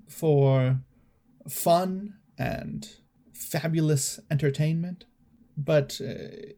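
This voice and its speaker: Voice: medium pitch, darkish tone. A game master voicing Toffee, a regal, vain party host who fishes for laughs at a dance.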